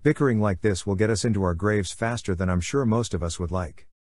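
A commanding male inquisitor speaks firmly and with authority, voiced by a man reading a story. His voice sits low. The recording is dry. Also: fairly quick, a little mellow, dry recording, lightly acted. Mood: stern. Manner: firm and authoritative.

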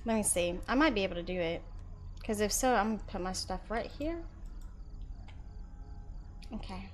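A young woman streaming a horror game, chatting with her viewers and reacting loudly. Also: mid-range voice, animated, normal speed, slight background noise. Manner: chatty, loud reactions, talks to chat. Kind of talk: live horror game commentary.

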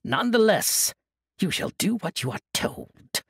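A man's voice: sits high, sing-song, unhurried, slightly rough, dry recording, clean studio sound, voice pushed up, full character voice. A man voicing a cruel, commanding demon queen in an audiobook, with a silky, imperious manner.

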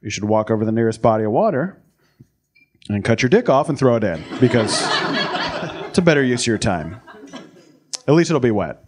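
A man doing a crude, brash stand-up comedy set on a club stage, shouting out the voices he acts out. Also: mid-range voice, sing-song, brisk, long pauses, breathy edge. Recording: live club recording, crowd laughter.

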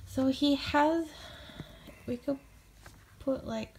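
A woman's voice: medium pitch, unhurried, creaky, pauses often, dark tone, a little hiss or hum. A woman joking around in a casual home chat as a vlogger. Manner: playful and joking.

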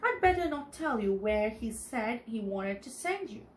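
A woman's voice: a little high, sing-song, moderate pace, echoey room, a little hiss or hum. A woman reading aloud as a smug prankster mouse. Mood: teasing. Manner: teasing, smug, chattery. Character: boastful prankster mouse cousin, male.

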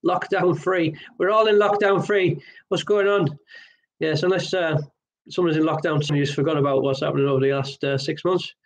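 A man's voice: a little high, fairly even intonation, normal speed. A man hosting an online pub quiz, chatty and jokey with rambling asides. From Wales.

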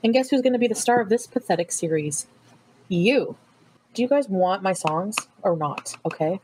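A woman's voice: medium pitch, animated, normal speed, noisy background. Rambling, giggly woman livestreaming. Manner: rambling, jumps between topics, laughs often. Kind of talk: casual livestream chat.

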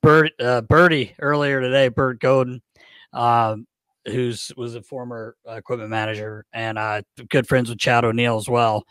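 A man hosting a podcast, telling a long, profane, animated story in a casual chat. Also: medium pitch, moderate pace, clean tone, no room sound. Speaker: podcast host.

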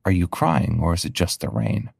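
A man voicing a kind, magical male dragon in human form, speaking gently and reassuringly with a light tease. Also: deep voice, expressive, normal speed, gravelly, breathy edge, no room sound, clean studio sound, full character voice. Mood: gently teasing. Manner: gentle, reassuring, a little teasing.

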